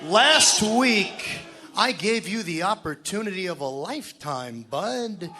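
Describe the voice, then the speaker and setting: A young man cutting a wrestling promo in a large arena on a handheld mic, taunting and shouting mocking insults at his rival. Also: high-pitched, lively intonation, takes it slowly, soft background music.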